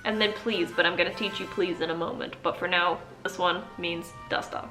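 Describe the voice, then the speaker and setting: A woman's voice: on the low side, fairly even intonation, a little fast, bright, forceful tone, soft background music. A woman vlogger talking casually and playfully as she teaches basic phrases, often laughing. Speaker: language vlogger. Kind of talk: casual tutorial chat.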